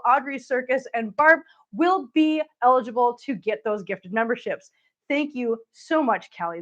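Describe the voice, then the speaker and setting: A woman hosting a casual livestream, chatting with viewers and cooing baby talk at her cats. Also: fairly high pitch. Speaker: channel host. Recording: dull lo-fi sound.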